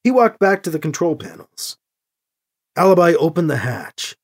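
Brief: lively, animated storyteller of middle pitch, reading narration and voicing all the parts. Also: moderate pace. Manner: even storytelling, voicing each character. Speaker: audiobook narrator.

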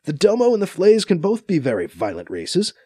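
A man voicing a calm, telepathic male base commander with a wry, authoritative manner. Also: high-pitched, a little fast, breathy edge, no echo, clean studio sound, voice pushed up, exaggerated voice.

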